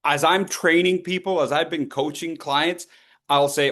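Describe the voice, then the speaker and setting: A man leading an online public speaking workshop, coaching participants and swinging between loud and soft to demonstrate. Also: a little high, steady tone, unhurried.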